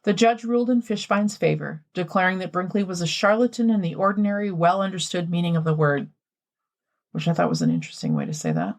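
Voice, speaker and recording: Woman co-host, low gravelly voice, reads a prepared story with dry asides. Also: expressive, fast talker. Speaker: podcast co-host. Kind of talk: scripted history storytelling then casual chat.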